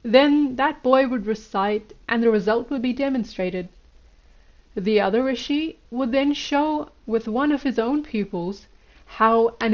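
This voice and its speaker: A woman's voice: on the high side, highs cut off, natural voice. A woman reading the lines of an elderly male guru, lecturing in an instructive way. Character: elderly male Indian guru, stern teacher.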